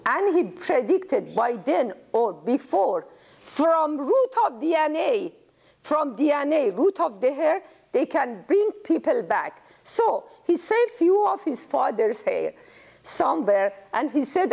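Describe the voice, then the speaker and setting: An older woman giving an informal lecture, animated and emphatic, repeating words for stress. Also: high voice, slow, vocal fry.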